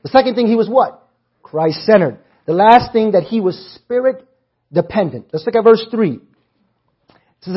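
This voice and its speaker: A man delivers a sermon in a husky, fairly high voice. He works through scripture and keeps pulling the congregation in with questions they answer back. The sound is muffled and lo-fi. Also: lively intonation, a little slow, pauses often. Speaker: preacher.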